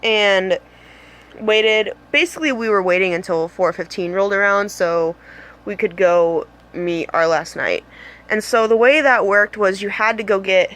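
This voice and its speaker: A woman's voice: mid-range voice, a little slow, a bit bright. A young woman telling a casual story in a vlog filmed on her phone, bubbly and rambling, with lots of fillers. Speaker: vlogger. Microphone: phone camera.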